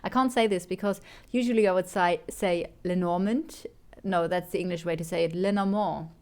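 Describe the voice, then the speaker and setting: A woman gives a tarot reading in a slightly lower voice. She chats and corrects herself as she goes, then murmurs her questions over and over while pulling cards. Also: fast talker. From Germany. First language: German. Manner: chatty, self-correcting, softly repeats questions while drawing cards. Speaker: tarot reader.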